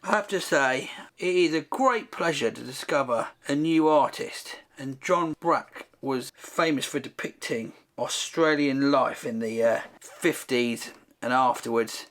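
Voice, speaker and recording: A man's voice: mid-range voice, measured pace, fairly bright tone. Man wryly mocking his own painting. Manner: self-deprecating, wry running commentary. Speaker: host. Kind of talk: comic painting commentary.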